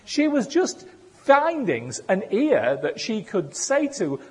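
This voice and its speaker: A man's voice: high-pitched, huge pitch swings, slow pace, darkish tone, husky. A man giving a sermon in a conversational way, with self-deprecating humor. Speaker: preacher. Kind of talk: sermon with personal stories. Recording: echoey hall.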